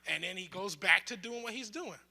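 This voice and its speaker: A young man leads a bible study in a loose, joking manner, acting out little quotes along the way. His voice sits high and sounds very bright and sharp. It carries through a roomy hall with a long echo. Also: brisk, creaky. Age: young adult. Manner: conversational, joking, with lively asides and acted-out quotes. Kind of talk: casual bible study teaching. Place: room of a bible study group.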